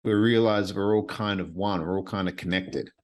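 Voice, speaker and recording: Alone in his apartment at night, a man hosts his own podcast in a deep voice at a moderate pace. His reflective monologue is earnest and rambling, often repeating phrases.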